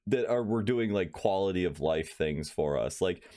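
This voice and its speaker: A man's voice: low-pitched, lively intonation, moderate pace, warm tone. A man co-hosting a podcast in casual chat, an aspiring voice actor who laughs often and trails off mid-sentence.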